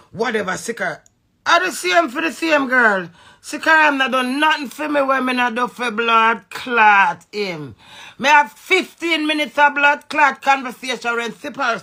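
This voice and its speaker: A Jamaican woman in an angry, profane social media rant, veering between loud outbursts and low muttering. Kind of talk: ranting social media live video.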